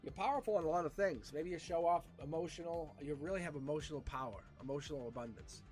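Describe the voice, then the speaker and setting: A man giving a casual live tarot reading, animated and repeating himself with frequent restarts. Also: on the high side, fast, soft background music. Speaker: tarot reader.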